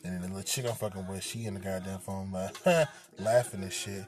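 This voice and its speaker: A man's voice: deep voice, flat delivery, fast, a little mellow. A man casually retelling a personal story, profane and streetwise, acting out the people he quotes.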